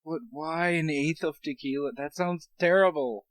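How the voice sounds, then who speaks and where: A man's voice: fairly high pitch, fairly even intonation, moderate pace, no echo. A young man in casual podcast chat, reacting to his co-host with dry, teasing remarks.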